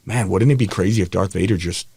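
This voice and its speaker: A man's voice: low-pitched, fast, creaky, warm tone, slightly rough, no echo, studio quality. A man, a podcast guest, telling his personal story in a frank, rambling way with frequent restarts.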